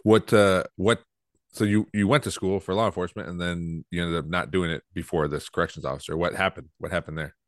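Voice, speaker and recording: A man's voice: deep voice, steady tone, fairly quick, no room sound, studio quality. A man hosting a podcast, asking easygoing, hesitant questions in casual chat. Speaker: podcast host.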